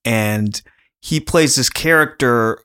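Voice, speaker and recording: A man's voice: medium pitch, takes it slowly, a bit bright, clean tone. A man co-hosting a casual podcast, talking in a chatty, rambling way and laughing often. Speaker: podcast co-host.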